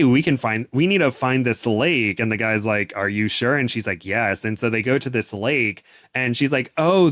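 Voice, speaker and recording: A young man co-hosting a casual chat, animated and full of restarts, breaking into excited voices when he quotes someone. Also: mid-range voice, dry recording, clean studio sound. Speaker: podcast co-host. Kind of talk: casual chat recapping a novel.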